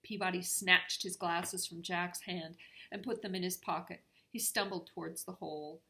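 A woman narrates a children's storybook in a calm, measured voice. Her tone sits a little low for a woman and stays unhurried. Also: creaky. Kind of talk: reading a children's storybook aloud.

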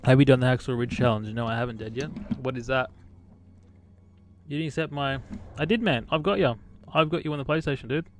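Playing a shooter game on a livestream, this Australian man keeps up relaxed commentary, saying hello to chat viewers by name and using "mate" a lot. He speaks in a mid-range voice, fairly quickly, pausing often. Soft music plays in the background alongside clearly heard gunfire and explosions from the game.

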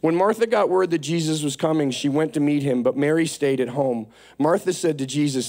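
A man preaching a sermon with impassioned, repetitive calls, swinging from hushed to shouting. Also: fairly high pitch, a little fast, hardly any pauses.

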